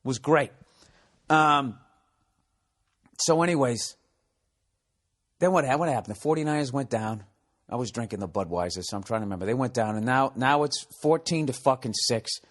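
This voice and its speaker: A man hosting a podcast, telling a profane, ranting comedic story with animated delivery. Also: medium pitch, moderate pace, pauses often. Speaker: podcast host.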